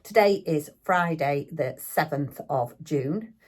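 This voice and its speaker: Older woman, low and mellow, rambling chatty vlogger talking to camera at home. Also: slow pace. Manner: chatty, rambling, self-deprecating. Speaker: craft vlogger. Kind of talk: casual chat. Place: home craft room.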